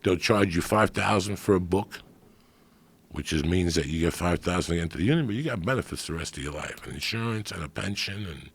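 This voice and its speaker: This middle-aged man, appearing as a comedy guest, spins casual stories with streetwise bluntness and plenty of profanity. He speaks briskly and expressively in a low, gravelly, raspy voice.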